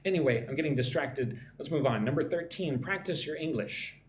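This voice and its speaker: A man's voice: fairly high pitch, expressive, a little fast, roomy sound, a little hiss or hum. A man teaching English on a live stream, reading chat comments and drilling pronunciation.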